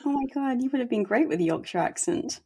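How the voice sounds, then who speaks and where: A woman's voice: on the high side, animated, fast talker, vocal fry, mellow, breathy edge. A woman hosting a casual interview, teasing and encouraging her guest and laughing easily. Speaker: podcast host.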